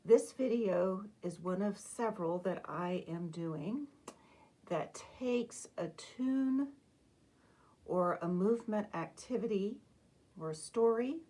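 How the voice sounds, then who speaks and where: Slow, patient woman music teacher. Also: mellow. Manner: slow, patient explanation that breaks into sung, high-pitched demonstrations. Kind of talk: instructional talk to teachers.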